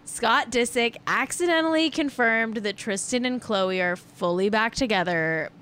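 A woman's voice: on the low side, fairly bright tone, slight background noise. A woman hosting a casual celebrity gossip stream, chatty and rambling, breaking into sing-song riffs. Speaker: host.

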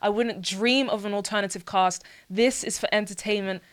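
An enthusiastic woman co-hosts a casual podcast and talks with playful energy. Her voice sits at an ordinary middle pitch and a natural, unhurried pace. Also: steady tone. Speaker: podcast co-host. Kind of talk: casual chat.

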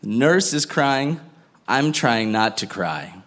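A man's voice: mid-range voice, big pitch swings, slow pace, fairly bright tone. A man telling a family story on stage in a wry, chatty way, often breaking into laughter. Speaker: storyteller and host. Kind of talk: comic live storytelling.

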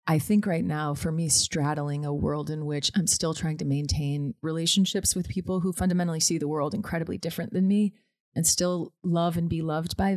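Candid, heartfelt podcast guest, woman, low-pitched, dry recording. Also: a little mellow, dry recording. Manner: candid, emotional, laughs easily. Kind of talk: candid conversational chat.

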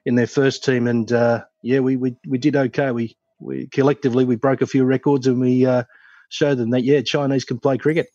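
A man, a former cricketer, telling lively anecdotes in a casual chat, laughing as he goes. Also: medium pitch, no room sound, dull audio. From Australia. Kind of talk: casual storytelling.

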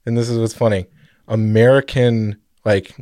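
A male co-host with a mid-pitched voice who tells a story in a rambling, jokey way. He stops to correct himself and apologize, and the sound is dry and close-miked. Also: fairly even intonation, moderate pace, mellow, dry recording. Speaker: podcast co-host. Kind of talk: casual podcast chat.

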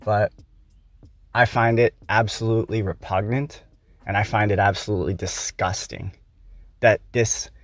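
A man's voice: fairly low pitch, no echo. An American man hosting a podcast, delivering a heated, profane political rant with emphatic stresses. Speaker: podcast host.

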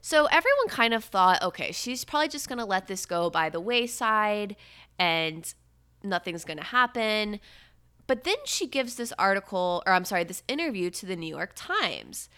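A woman's voice: mid-range voice, lively intonation, moderate pace, bright, forceful tone, smooth, no echo, clean studio sound. A young adult woman hosting a podcast, talking in a casual chatty way, full of "like" fillers. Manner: chatty, filler-heavy with frequent "like". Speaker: podcast host. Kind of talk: casual chat.

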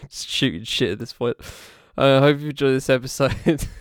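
A man's voice: mid-range voice, a little fast, clean tone, dry recording, studio quality. A man co-hosting a podcast, casual and teasing, laughing often as he banters and signs off the show. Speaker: podcast co-host.

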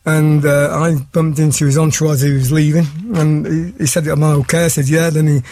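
A man's voice: a little high, flat delivery, fairly quick, darkish tone. A man guesting on a sports talk show, telling a story in a hesitant, self-deprecating way and chuckling. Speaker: football pundit guest. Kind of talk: casual chat, storytelling. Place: studio.

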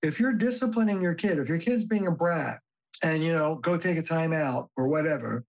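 A man's voice: on the high side, normal speed, creaky, rough recording. A male therapist telling stories in a podcast interview and acting out the voices of the people in them. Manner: animated storyteller, acts out quoted voices. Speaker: therapist guest. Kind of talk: conversational storytelling. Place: Boston area.

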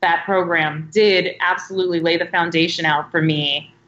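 A woman's voice: on the low side, steady tone, normal speed, fairly bright tone, echoey room, lo-fi sound. A woman in her late thirties, a podcast guest telling stories in a chatty way and saying "like" a lot. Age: late 30s. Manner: chatty storyteller, heavy use of "like". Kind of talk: casual interview chat.

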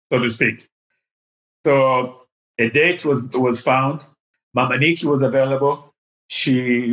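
An older man from Tanzania, telling a personal story as an interview guest, halting with fillers and restarts. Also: mid-range voice, a bit bright. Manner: hesitant, with many fillers and restarts. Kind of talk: storytelling in conversation.

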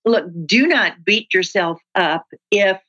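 Bright-voiced woman, animated storyteller. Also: medium pitch, slow, dull audio. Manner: animated storyteller who acts out example dialogue. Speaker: guest, workplace communication trainer. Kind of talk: conversational interview.

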